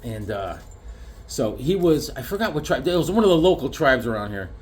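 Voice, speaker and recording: A man's voice: medium pitch, sing-song, fairly quick. A man showing off his comic collection in a casual vlog, rambling through stories and landing joke punchlines. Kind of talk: casual show-and-tell with jokes.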